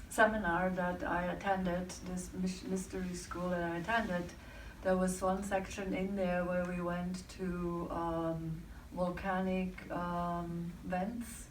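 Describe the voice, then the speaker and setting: A woman with a fairly low voice tells a personal story to an audience, thoughtful and feeling for her words. She sounds roomy and some way off the mic, with a faint hum of ambience behind her. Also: distant mic.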